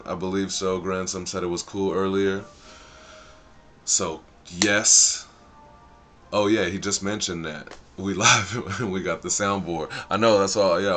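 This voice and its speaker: Hosting a laid-back live stream, this man has a low but fairly bright voice. He rambles in slang, thinks out loud, and drifts off track easily, with a little hiss or hum in the audio.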